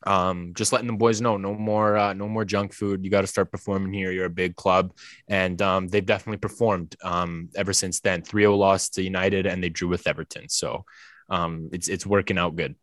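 Low-voiced joking man, dry sound. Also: flat delivery, brisk, a bit bright, no room sound. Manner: upbeat, joking, hesitant with fillers. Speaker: podcast co-host. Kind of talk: casual chat.

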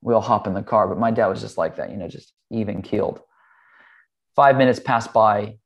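A man with a somewhat low voice speaks in an easy, conversational way. He explains meditation earnestly and moves into a personal story. He talks freely and drops in casual fillers like "um" and "like". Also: brisk, highs cut off. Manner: earnest, relaxed, with "like" and "um".

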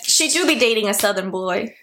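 A woman's voice: mid-range voice, expressive, a little fast, a bit bright. A young woman co-hosting a podcast in casual, emphatic chat, with many fillers. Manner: chatty and emphatic, heavy use of "like". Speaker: podcast co-host.

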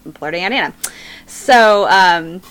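A woman in her thirties retells a true crime story on a casual podcast. Her voice is bright and lively, with pitch swinging up and down. She rambles, laughs easily and stumbles over names. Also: a little slow, clear, resonant tone. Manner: rambling, laughs often, loses track of names. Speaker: podcast co-host.

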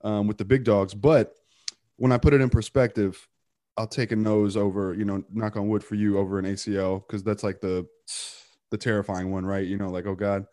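A man's voice: fairly low pitch, flat delivery, brisk, mellow, no echo, studio quality. A man in his thirties, a podcast guest, sounding stuffy and nasal from a broken nose as he chats casually, rambling with fillers and restarts. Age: 30s.

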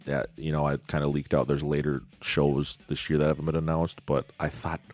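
A podcast co-host with a very deep voice talks fairly quickly in casual chat, swearing freely and telling stories with lots of energy. Faint music plays behind him.

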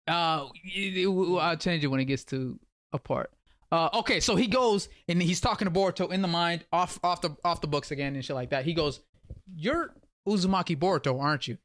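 A man hosting a podcast, recapping a story in lively slang and acting out quotes in a casual chat. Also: on the high side, brisk. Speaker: podcast host.

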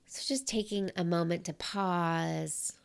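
A middle-aged woman giving a reflective talk on self-compassion, speaking softly and sometimes sinking into a whisper. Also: fairly low pitch, creaky, clean tone. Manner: soft and unhurried, at times dropping to a whisper.

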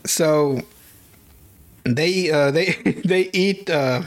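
Speaking extremely slowly in a fairly high-pitched voice, this man hosts a podcast and casually retells a cartoon's plot. His recap is profane and full of laughter, and he animatedly slips into goofy character voices.

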